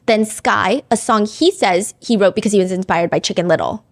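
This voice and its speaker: A woman's voice: medium pitch, a little fast. A woman hosting true crime commentary in a casual, chatty way, full of "like" fillers. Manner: chatty, frequent "like" fillers, reads lyrics aloud.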